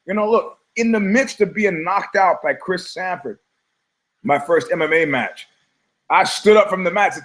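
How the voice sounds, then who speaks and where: A man hosting a talk show, delivering a rambling, emphatic monologue, swearing, stumbling over words and slipping into quick mimicry of other people. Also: high-pitched, fairly bright tone. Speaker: podcast host. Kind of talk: opinionated monologue.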